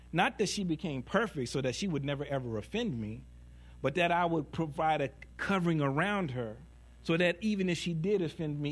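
A man preaching a sermon in a conversational, humorous way, asking rhetorical questions and slowing down for emphasis. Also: a little high. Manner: conversational and humorous, laughing at his own stories; rhetorical questions, dramatic slowdowns.

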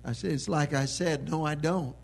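A man preaching a sermon with emphatic delivery that swells into loud proclamation. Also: on the high side, steady tone, moderate pace, gravelly.

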